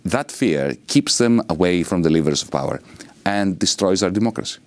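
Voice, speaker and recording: A man's voice: low voice, animated, normal speed, no room sound. A middle-aged man from Greece with a Greek accent, an economist answering interview questions in an expansive, lecturing way. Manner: expansive, lecturing with sweeping rhetoric. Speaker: economist and politician guest.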